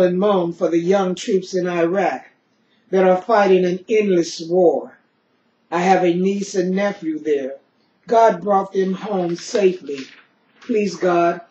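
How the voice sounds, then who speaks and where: A woman's voice: lowish voice, darkish tone, a little hiss or hum. Grieving middle-aged woman reciting a poem. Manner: solemn, grieving, refrain-driven recitation. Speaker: poet. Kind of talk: spoken-word poetry recital. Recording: roomy, dull lo-fi recording.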